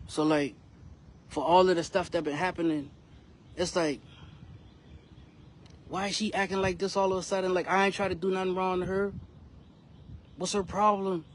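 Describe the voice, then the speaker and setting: Brief: young man, rapper, frustrated storytelling vlog, high-ish voice, faint background hum. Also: steady tone, normal speed, long pauses. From South Carolina, US. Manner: emphatic, conversational, frustrated retelling with slang. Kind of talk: storytelling vlog addressed to his son.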